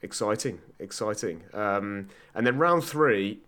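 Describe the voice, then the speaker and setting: A man's voice: on the low side, expressive, measured pace, fairly bright tone. A man, the show's quizmaster, explaining the week's quiz in upbeat casual chat.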